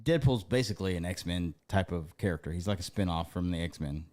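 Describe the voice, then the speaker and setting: A man with a low voice, chatting easily as a podcast co-host. He agrees often and retells movie moments in a relaxed, swearing manner. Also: a little fast. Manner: laid-back, lots of "yeah, yeah", retells scenes. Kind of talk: casual chat.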